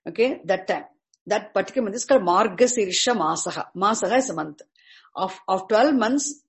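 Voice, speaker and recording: Woman, patient scripture teacher who repeats herself and asks "okay?" often. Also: medium pitch. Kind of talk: explanatory lecture.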